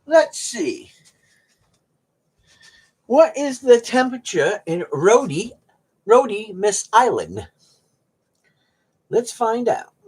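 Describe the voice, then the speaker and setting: Folksy middle-aged streamer, lively pitch. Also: takes it slowly, pauses often, breathy edge. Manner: folksy, joking, animated. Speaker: live streamer chatting with viewers. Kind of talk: rambling casual chat to viewers. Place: at home on a cold day.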